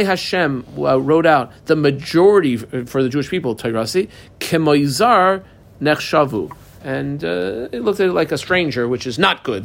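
A man giving a text study lesson, reading a passage aloud and then explaining it phrase by phrase in a conversational way, with pauses and rhetorical questions. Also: on the high side. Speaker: religious text teacher.

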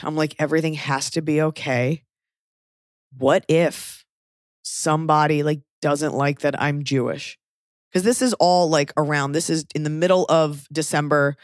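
In a clean studio with no room sound, a podcast host in her thirties tells a casual, rambling story laced with fillers and profanity. She speaks in a low voice with fairly even intonation and a measured pace.

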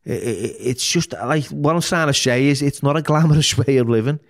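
A man's voice: medium pitch, brisk. A middle-aged man, a podcast guest talking candidly, bluntly and full of swearing, often restarting his sentences. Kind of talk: candid interview talk.

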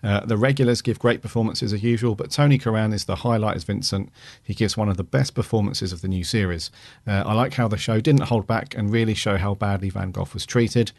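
A man co-hosting a podcast, reading listener reviews aloud in a relaxed way with frequent fillers. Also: lowish voice, fairly quick, gravelly, few pauses, dry recording. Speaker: podcast co-host.

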